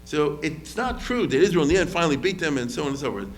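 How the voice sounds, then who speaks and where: A man's voice: on the high side, quick pace. Conversational man lecturing on history. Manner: conversational, lively quoted voices, frequent fillers and restarts.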